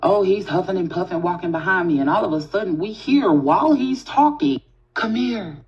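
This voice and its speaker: A woman telling a spooky childhood story in a casual, animated way, swearing freely and talking straight to her listeners. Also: on the low side, a little fast. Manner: animated, profane, talks straight to the audience. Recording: dull lo-fi audio.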